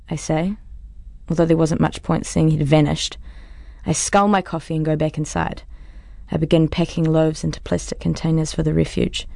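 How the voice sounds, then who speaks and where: A woman's voice: sits low, steady tone, normal speed, creaky, warm tone, no room sound, studio quality. A woman reading a first-person story aloud in a wry, conversational manner. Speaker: audiobook narrator. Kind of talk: first-person audiobook narration.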